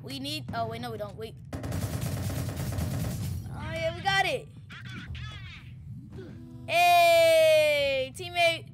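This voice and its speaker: A woman giving excitable, slangy gameplay commentary, shouting and joking at her teammate. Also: high-pitched, a little slow, long pauses, loud music behind the voice. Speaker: gaming YouTuber.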